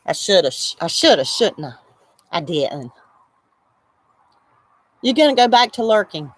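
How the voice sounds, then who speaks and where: A woman's voice: lowish voice, big pitch swings, a little slow. A woman hosting a casual crochet livestream outdoors, chatting and reading viewers' comments aloud as she laughs often. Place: outdoors in the shade.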